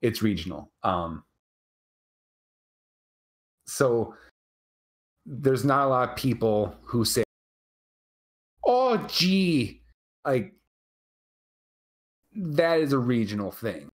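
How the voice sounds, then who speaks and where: Slow, animated man with a Wisconsin accent. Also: mid-range voice. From Wisconsin, USA. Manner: chatty, laughs often, fills pauses with "um" and "right?". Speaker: co-host. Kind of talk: casual live chat.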